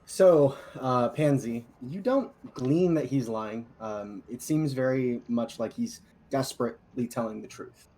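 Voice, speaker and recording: A man narrating a tabletop game as dungeon master, in a casual, measured way with fillers. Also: medium pitch, warm tone.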